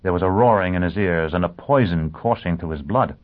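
A man reading an audiobook in a measured, dramatic style. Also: deep voice. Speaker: narrator. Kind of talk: audiobook narration. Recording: tinny phone-like band.

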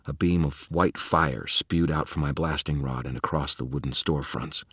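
A man narrating a first-person fantasy audiobook in a measured, dramatic way. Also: rumbling low, steady tone, fairly bright tone, husky, dry recording, clean studio sound.

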